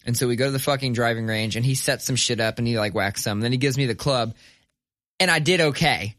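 A man's voice: mid-range voice, fast talker, a bit bright, no echo, clean studio sound. Profane laid-back young male podcast host. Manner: profane, laid-back, laughs through stories. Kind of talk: casual storytelling chat.

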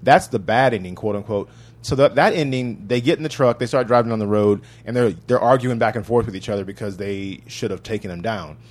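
Male podcast co-host, low voice, animated profane storyteller, casual gaming talk. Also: a little fast.

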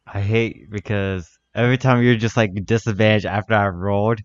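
A man's voice: lowish voice, fairly even intonation, moderate pace, no echo, highs cut off. A man playing in a tabletop game, joking and griping about his dice rolls. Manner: complaining, joking. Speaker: player. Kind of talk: casual tabletop game play.

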